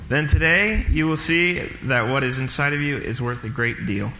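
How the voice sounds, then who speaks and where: A man's voice: medium pitch, normal speed, pushed and bright. A man reading a stern, urging schoolteacher. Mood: coaxing. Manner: urging, commanding. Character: stern inspiring male schoolteacher. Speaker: intern reading a part. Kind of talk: staged script reading. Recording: echoey hall, faint noise.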